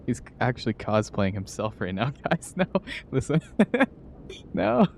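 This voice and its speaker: A man's voice: mid-range voice, wildly swooping pitch, a little slow, gravelly, slight background noise. A man streaming live, chatting casually and playfully with his viewers and laughing often.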